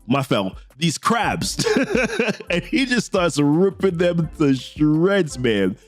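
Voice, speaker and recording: Animated man recapping a comic story. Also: on the high side. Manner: animated storytelling, reading characters' lines in quotes with slang asides. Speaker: comic book recap host.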